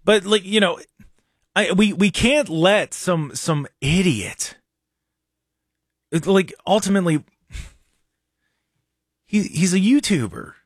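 A man's voice: high-pitched, expressive, takes it slowly, long pauses, no echo, clean studio sound. A man hosting a radio talk show, talking casually and sarcastically with mocking asides. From Ohio.

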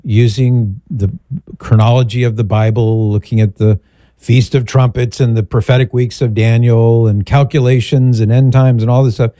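A middle-aged man hosting a call-in show, answering a caller in a measured, thoughtful way with rambling asides. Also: mid-range voice, mellow, dry recording. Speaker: radio show host. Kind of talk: call-in advice talk.

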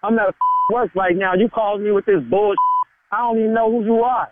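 A man on a phone call, arguing angrily and defiantly, his voice rising high, heard through a tinny phone line. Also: huge pitch swings, a little fast, background noise. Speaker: prank call target. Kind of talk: heated phone argument.

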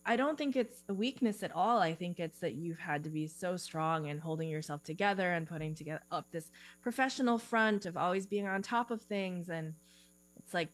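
A woman career coach answering interview questions in a thoughtful way, speaking in quick bursts with lots of fillers. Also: lowish voice. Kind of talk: podcast interview guest. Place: Eugene, Oregon.

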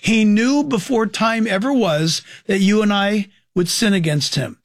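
A man's voice: high-pitched, unhurried, dry recording, clean studio sound. A man critiquing preachers' teachings in an emphatic way, asking his own questions and answering them. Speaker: Christian commentator.

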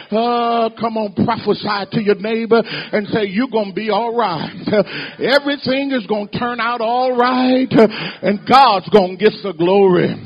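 A man with a high, husky voice preaches a sermon in rhythmic call and response, slipping a drawn "uh" between phrases. He swells and drops in loudness as he urges the congregation on. The sound is dull and lo-fi. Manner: exhorting the congregation, rising and falling in loudness.

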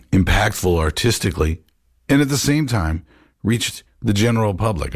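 A man's voice: sits low, darkish tone, husky, dry recording, studio quality. A man hosting a jazz radio show, musing in a loose, rambling way with plenty of fillers as he talks about records.

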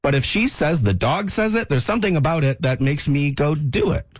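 A man's voice: brisk, slightly rough, dry recording. A man co-hosting a radio show, telling jokey stories in a casual chat. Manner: jokey storyteller, lively pitch.

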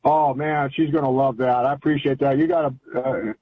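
A man's voice: medium pitch, fairly even intonation, normal speed, breathy edge, dry recording. An older man calling in to a radio show, chatting in a rambling, folksy, enthusiastic way. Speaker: caller. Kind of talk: casual call-in chat. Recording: tinny phone line.

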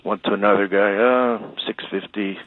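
A man's voice: on the low side, steady tone, moderate pace, dry recording. Man telling a story on a tinny phone line. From Chicago. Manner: chatty, rambling, frequent restarts. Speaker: radio caller. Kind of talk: casual storytelling.

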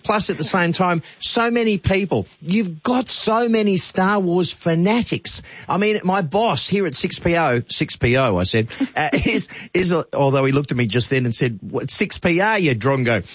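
A man's voice: sits high, normal speed, hardly any pauses, no echo, muffled recording. Enthusiastic Australian male radio host. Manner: enthusiastic, laughs often, casual slang. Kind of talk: radio interview. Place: radio studio.

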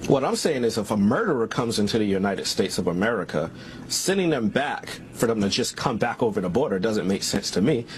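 A man's voice: mid-range voice, a little hiss or hum. A man arguing as a guest in a TV debate, insistent and argumentative. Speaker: political guest.

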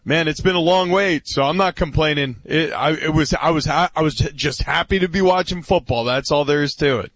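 A man in a casual sports chat, relaxed and wry, often stumbling at the start of a thought. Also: fairly high pitch, a little fast, few pauses.

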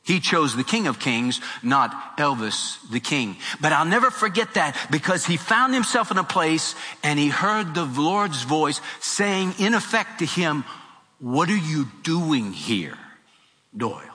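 Bright-voiced preacher in a reverberant hall. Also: male voice, on the high side, a little slow, hardly any pauses. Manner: animated storytelling, acting out quoted voices. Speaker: pastor. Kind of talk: sermon. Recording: long hall reverb with faint music.

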